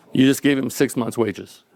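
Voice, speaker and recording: With a mid-range voice, a middle-aged man tells a live audience a personal story, relaxed and conversational, punctuated by chuckles and acted-out quotes.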